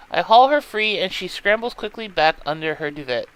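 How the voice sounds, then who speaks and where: A man narrates a text-based game for his let's play. His voice is high, bright and smooth. He tells the story expressively and with lots of movement in pitch. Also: lively intonation, brisk, few pauses, dry recording, rough recording. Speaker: let's play host reading a game aloud. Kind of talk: reading interactive fiction aloud.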